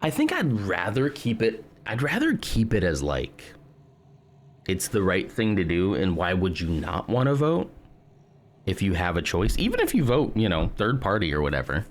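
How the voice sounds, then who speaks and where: An American man streaming a video game, chatting casually with viewers and thinking out loud in a hesitant, musing way. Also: fairly low pitch, wildly swooping pitch, moderate pace. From United States. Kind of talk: casual live-stream chat while gaming.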